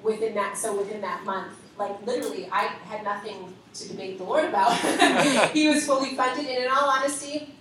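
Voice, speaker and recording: A woman leader giving a lively spoken testimony to a congregation, acting out the conversations she recounts. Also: mid-range voice, brisk, slight background noise. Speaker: ministry leader. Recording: echoey hall from far off.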